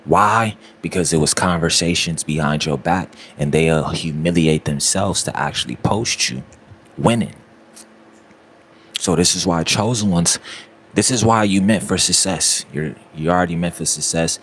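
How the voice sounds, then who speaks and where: A man's voice: deep voice, normal speed, fairly bright tone, slightly rough. A man, giving a repetitive, preachy motivational talk aimed straight at the listener. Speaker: motivational speaker.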